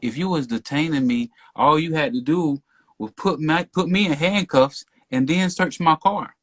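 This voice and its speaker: A man telling a story as a podcast guest in casual talk, getting loud and worked up as he retells it. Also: fairly high pitch, normal speed. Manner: animated, rising to near shouting when retelling the stop.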